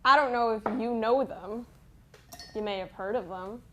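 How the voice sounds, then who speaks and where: A woman in an acting class playing a woman with a put-on New York accent who brags about meeting important show people, in a high, drawn-out voice. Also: sharp tone. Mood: boastful. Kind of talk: scene study acting.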